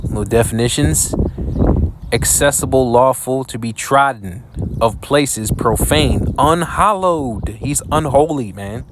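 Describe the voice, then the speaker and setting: A man preaching scripture commentary while reacting to a video, profane and scornful, reading verses slowly. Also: mid-range voice, noisy background. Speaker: online preacher.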